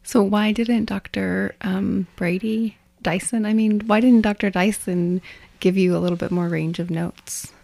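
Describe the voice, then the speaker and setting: A woman's voice: mid-range voice, steady tone, unhurried, vocal fry, mellow. A woman co-hosting a podcast, chatting playfully and asking teasing questions. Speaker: podcast co-host. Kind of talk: casual comedic chat.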